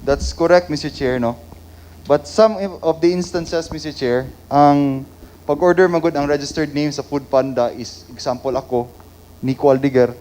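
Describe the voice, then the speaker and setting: A man with a Filipino accent speaking as a city councilor in a council session, measured and formal, switching between English and the local language. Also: a little high, steady tone, darkish tone.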